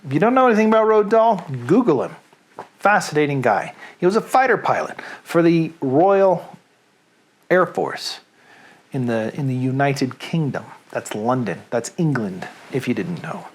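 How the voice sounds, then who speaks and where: A man with a Southern US accent talks to his viewers in a jokey, rambling way, hosting his comedic reading show. His voice sits fairly high and swings lively up and down. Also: moderate pace. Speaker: host and reader. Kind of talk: comedic reading and chat to camera.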